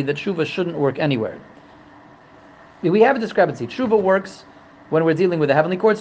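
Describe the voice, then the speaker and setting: A man's voice: fairly high pitch, highs cut off, slight background noise. A man teaching a religious text, humorous and digressive, often repeating and restarting his phrases. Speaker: Torah teacher. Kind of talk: religious lesson.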